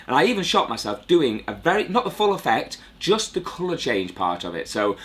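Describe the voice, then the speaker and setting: A man's voice: on the high side, sing-song, a little fast, fairly bright tone. Chatty guy reviewing magic. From United Kingdom. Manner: chatty, rambling, self-deprecating. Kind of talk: casual review monologue.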